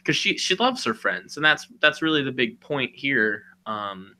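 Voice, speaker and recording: Bright-voiced rambling man on a podcast. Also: mid-range voice, very animated, a little slow. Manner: rambling, full of "you know" and "like", acts out characters' lines. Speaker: podcast co-host. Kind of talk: casual chat, retelling a story.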